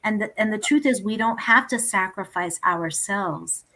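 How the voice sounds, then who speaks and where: A woman's voice: medium pitch, moderate pace, sharp tone, rough recording. Woman singer from Ethiopia, interview guest, earnest and reflective. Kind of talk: interview talk.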